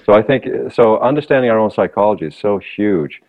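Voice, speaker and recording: A man talking as a voice coach in a podcast conversation, explaining with animated, lively demonstrations. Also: fairly low pitch, brisk, highs cut off.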